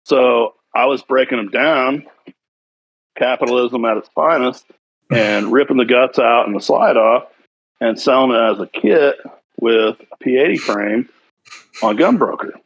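A man telling a story in casual podcast chat, animated and swearing freely. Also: mid-range voice, measured pace, slightly rough, rough recording. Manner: animated storytelling, heavy swearing, quotes others.

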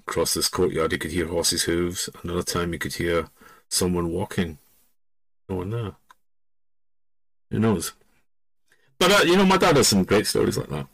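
A man's voice: low-pitched, gravelly, fairly bright tone, slightly rough, no room sound, poor audio. A middle-aged man from Scotland, a podcast host telling stories in a rambling, digressive way that keeps losing the thread. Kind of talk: casual spoken storytelling.

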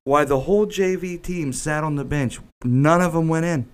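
A man's voice: a little high, moderate pace, clear, resonant tone. A man co-hosting a casual studio podcast, swearing freely and telling rambling stories about his weekend. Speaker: podcast co-host.

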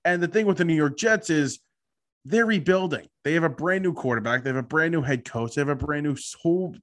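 A man's voice: a little high, a little fast. A man co-hosting a sports podcast, talking bluntly and laid-back, saying he is tired. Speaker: podcast co-host. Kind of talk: casual sports chat.

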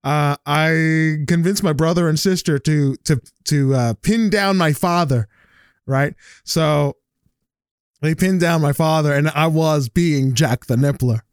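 A man's voice: fairly high pitch, measured pace, clear, resonant tone, no echo, clean studio sound. A young man hosting a podcast, rambling through a funny story with many restarts and laughs. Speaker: podcast host. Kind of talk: casual chat, telling a funny story.

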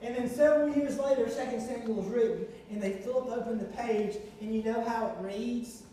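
A man preaching a sermon, telling a story in an animated, fast, breathless way. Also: very high-pitched, slight background noise. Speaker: pastor. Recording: echoey hall, far from mic.

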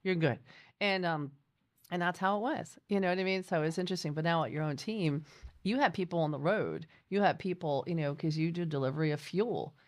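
Woman, podcast host, casual chat, animated storytelling, fairly low voice. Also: brisk.

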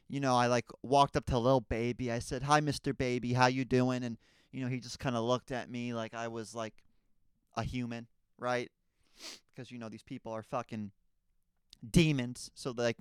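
A young man spins a comedic story for his podcast, tripping over his words and swearing freely. His voice is smooth and clear at a middle pitch. The recording is dry and close to the mic. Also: no room sound. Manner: rambling, stammering, profane. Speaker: podcast host.

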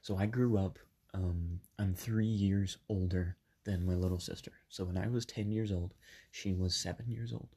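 A man in his twenties hosting a podcast from a bedroom padded with soft things. He is slightly sick and tells his story casually, with many ums and self-corrections. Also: deep voice, fairly even intonation, moderate pace, husky. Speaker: podcast host.

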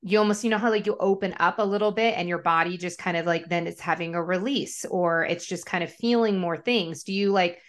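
A woman hosts a relaxed podcast chat, talking her way toward a question. She circles around it, stops to search for words and leans heavily on fillers. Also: lowish voice, a little fast, hardly any pauses. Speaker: podcast host. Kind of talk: casual conversation.

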